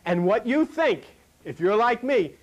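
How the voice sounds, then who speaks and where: A man preaching a sermon to a live congregation in a folksy storytelling way, asking the audience questions and swinging between loud lines and a low murmur. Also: big pitch swings, measured pace, a little hiss or hum. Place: hall before a live congregation.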